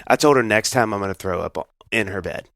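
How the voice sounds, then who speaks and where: A man co-hosting a podcast, telling stories in a casual chat with an animated delivery and lots of restarts. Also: on the low side, brisk, no echo, clean studio sound. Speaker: podcast co-host.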